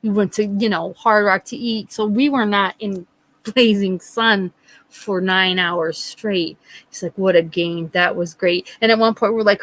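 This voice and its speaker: Middle-aged woman live-stream host, rambling anecdotal chatter with acted-out quotes, mid-pitched, dry close recording. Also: steady tone, measured pace, fairly bright tone, no room sound, low-quality recording. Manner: rambling storyteller, acts out quotes, frequent laughs. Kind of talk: casual chat with live chat viewers.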